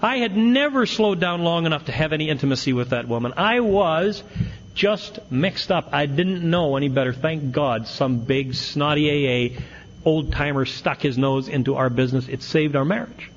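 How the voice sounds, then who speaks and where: A man's voice: fairly high pitch, moderate pace. A middle-aged man telling a self-mocking recovery story to a meeting, with wry humor. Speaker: AA speaker. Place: meeting hall with audience. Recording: dull lo-fi tape with faint hiss.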